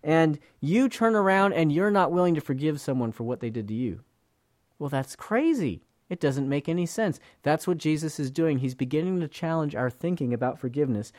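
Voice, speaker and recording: A man's voice: fairly high pitch, lively intonation, brisk, a little mellow, no echo, studio quality. A man giving a conversational Bible teaching in an earnest voice, often repeating words as he talks. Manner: earnest, repeats words, acts out quoted speakers.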